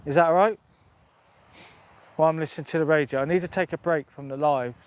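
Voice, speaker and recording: Chatty man, fairly high voice. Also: fairly even intonation, quick pace, no room sound. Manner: rambling, chatty, swears freely. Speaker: outdoor vlogger. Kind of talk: casual live-stream chat. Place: outdoors on open moorland by a tent.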